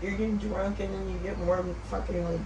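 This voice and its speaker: A woman's voice: mid-range voice, flat delivery, brisk, distant mic, noisy background. An upset woman near tears, talking in a pleading, exasperated way.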